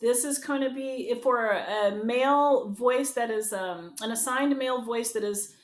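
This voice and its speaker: Over a video call, a woman voice teacher leads an online group lesson, upbeat and encouraging as she talks to people in the chat. Her voice is on the high side and a little slow, in an echoey room with a keyboard.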